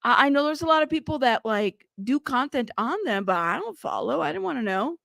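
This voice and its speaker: A woman's voice: high-pitched, lively intonation, fairly quick, creaky, fairly bright tone, no room sound, clean studio sound. A woman hosting a casual livestream, chatting and reading viewer comments in a teasing, rambling way, cussing and laughing often. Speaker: livestream news host.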